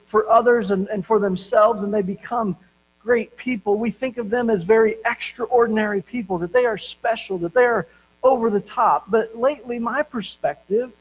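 High-voiced male pastor preaching. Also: rough recording. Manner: storytelling, slowing and stressing key words. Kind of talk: sermon.

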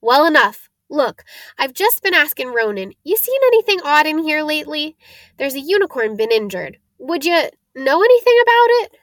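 Woman voicing a gruff giant gamekeeper. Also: high voice, sing-song, normal speed, no echo, clean studio sound, pitched above the performer's own voice. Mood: impatient. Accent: rural English dialect. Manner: loud, blunt, grumbling. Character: gruff giant male gamekeeper, blunt and impatient.

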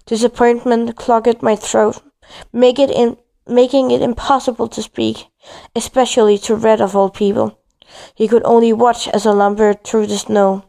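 A woman's voice: on the high side, gravelly, warm tone. A woman reading a first-person story aloud, stumbling and restarting now and then. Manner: reads with frequent slips and restarts.

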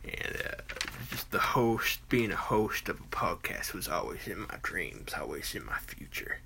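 A man's voice: sits low, very animated, measured pace, creaky, pushed and bright, slightly rough. A man in his forties with a Southern US accent, hosting a podcast in a casual, rambling monologue full of fillers and restarts, with folksy country talk. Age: 40s. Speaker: podcast host.

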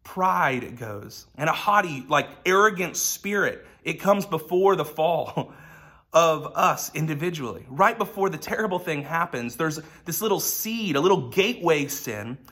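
A man's voice: fairly high pitch, expressive, a little slow, pushed and bright, husky. A man giving a conversational sermon as a pastor, telling personal stories. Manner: casual storytelling with personal anecdotes.

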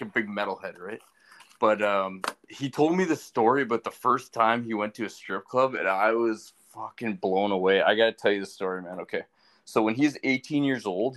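A man with a fairly low voice, telling a crude story in casual podcast chat. He swears freely and keeps checking in with "right?" to pull his co-host along. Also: a bit bright. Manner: profane, laughs easily, tags lines with "right?".

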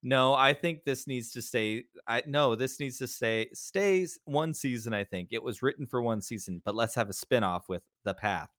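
A man's voice: mid-range voice, expressive, a bit bright, dry recording, studio quality. A man hosting a podcast, chatting eagerly and rambling through ideas. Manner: enthusiastic, rambling, quick restarts. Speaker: podcast host. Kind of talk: casual chat.

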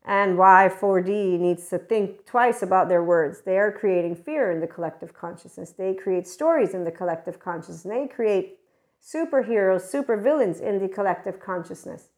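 Woman host for a loose spiritual talk show, mid-pitched, rambles and laughs, swears freely. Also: normal speed. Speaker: podcast host. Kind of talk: casual spiritual monologue.

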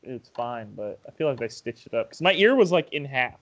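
A young man and podcast host in casual chat, telling stories with swearing and laughter and jumping up in pitch when he acts out his fright. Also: very animated, brisk, fairly bright tone, highs cut off.

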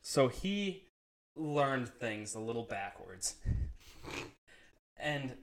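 A man's voice: medium pitch, very animated, drawn-out words. A man telling a profane, laugh-filled story in a casual chat, acting out the people he quotes. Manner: profane, laughs often, acts out quoted friends.

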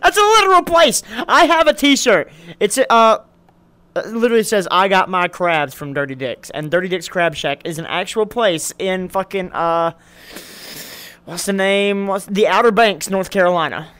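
A man's voice: sits high, moderate pace, pushed and bright, clear, resonant tone. A man hosting a casual podcast chat, laughing often and swearing freely. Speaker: podcast host.

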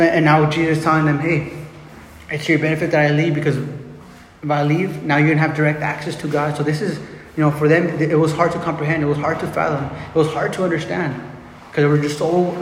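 A man's voice: on the high side, slight background noise. A man preaching a sermon in an earnest way, often restarting and repeating phrases. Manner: earnest, repetitive, many restarts. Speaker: pastor. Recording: echoey hall with faint ambience.

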